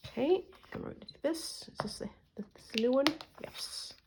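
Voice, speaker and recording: Working on a collage, a woman who hosts her own channel thinks aloud in a relaxed craft vlog, chatty and unhurried. Her high, animated voice is soft and murmuring, often trailing into quiet asides that pick up when she tells a story, with a bit of hiss or hum.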